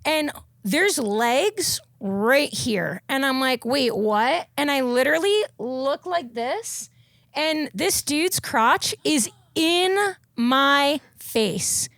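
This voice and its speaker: A young woman, hosting a podcast and telling a story in casual, profane, animated chat. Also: high voice, drawn-out words, no room sound, studio quality. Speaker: podcast host.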